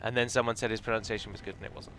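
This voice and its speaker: A man's voice: on the low side, flat delivery, racing, fairly bright tone, a little hiss or hum. A man casually commenting over a strategy game he plays, rambling into opinionated asides about pronunciation. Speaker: game modder and let's player.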